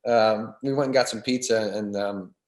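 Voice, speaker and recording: A man's voice: lowish voice, fairly even intonation, moderate pace, a little mellow, roomy sound. A man, an actor, chatting casually and often restarting and repeating words as he thinks. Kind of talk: casual conversation between actors.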